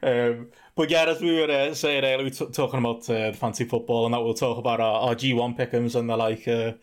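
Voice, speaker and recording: Man, podcast host, casual chat, laughs a lot, middle pitch. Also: fairly even intonation, quick pace. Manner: laughs often, leads the talk.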